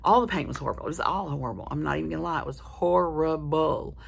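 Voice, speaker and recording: A woman talks straight to her viewers in a low, gravelly voice. She rambles candidly from one thing to the next, often stopping and restarting her sentences. Her vocal fry sits under nearly every phrase. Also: expressive, very fast. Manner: meandering, candid storytelling with many restarts. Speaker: vlogger. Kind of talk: casual chat to camera.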